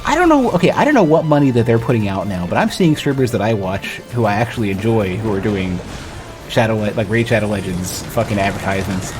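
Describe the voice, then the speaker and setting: Guy streaming games, kinda low voice, rambles and restarts a lot. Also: a little fast, music in the background. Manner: rambling, self-interrupting, lots of restarts. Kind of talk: casual gaming stream chat.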